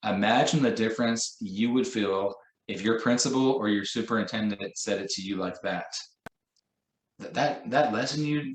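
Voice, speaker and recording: A man leads a training session for teachers, speaking in a relaxed, conversational way. He keeps turning to everyday examples and acts out short quoted lines. His voice sits a little low, and the room adds a clear echo. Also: moderate pace, slight background noise. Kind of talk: professional development lesson.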